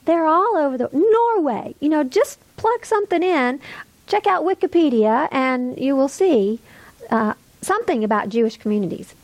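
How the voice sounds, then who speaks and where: A middle-aged woman teaching a Bible study class, with emphatic, lively stresses. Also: sits high, moderate pace, no room sound.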